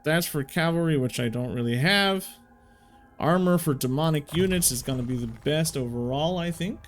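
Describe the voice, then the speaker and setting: A man's voice: fairly high pitch, moderate pace, soft background music. A man hosting a strategy game let's play, thinking aloud as he plays and talking in casual slang. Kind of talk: video game commentary.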